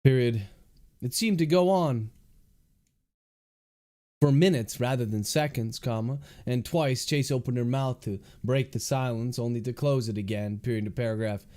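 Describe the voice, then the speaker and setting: A man's voice: medium pitch, normal speed, dark tone. An author reading his novel aloud on a livestream, speaking each comma and period as he dictates. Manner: reads out punctuation marks word by word.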